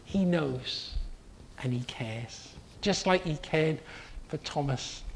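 A preacher giving an earnest sermon, telling a story with steady repetition. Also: medium pitch, slow, vocal fry, a little hiss or hum.

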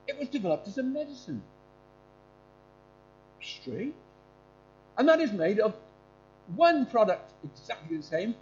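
Male preacher, high and animated delivery, informal talk with questions for the congregation; muffled recording. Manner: animated, quizzing listeners. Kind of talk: informal sermon with questions to the audience. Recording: dull lo-fi with faint hum.

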